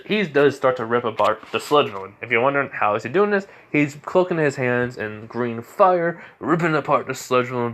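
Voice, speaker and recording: A man's voice: mid-range voice, fairly bright tone. A young man improvising a fan story narration in a rambling way, full of restarts and fillers.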